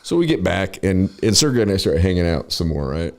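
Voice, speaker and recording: A man with a very deep voice spins a loose podcast story, swearing freely and filling the gaps with "you know" and "I mean." His talk is casual and rambling. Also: sing-song, fairly quick, darkish tone. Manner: profane, loose, full of fillers and laughs. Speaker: guest.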